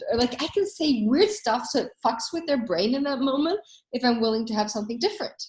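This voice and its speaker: A woman hosting a coaching workshop, telling anecdotes in a casual, animated way and acting out the voices she quotes. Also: fairly high pitch, a little fast, echoey room.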